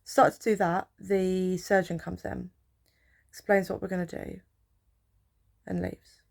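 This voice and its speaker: A young woman tells a story in a casual, rambling way, full of fillers. Her voice sits a little low and has a gravelly fry. She sounds drowsy, as if she is on painkillers. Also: little pitch movement, a little slow, a little mellow. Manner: chatty, rambling, with filler words. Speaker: healthcare support worker.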